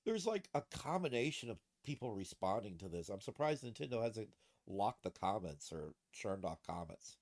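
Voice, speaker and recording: Late at night, a man streams himself reacting to posts with loose, profane commentary, often laughing at his own jokes. His voice is lowish and darkish in tone, very animated, at a normal speed.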